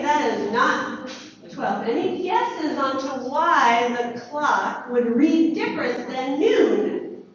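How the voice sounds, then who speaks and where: Woman from the US, astronomy teacher, quizzing students, lively, muffled sound. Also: high voice, heavy reverb, far from the mic, slight background noise. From United States. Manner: lively, chatty, asks questions. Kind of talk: planetarium class for students. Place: planetarium dome.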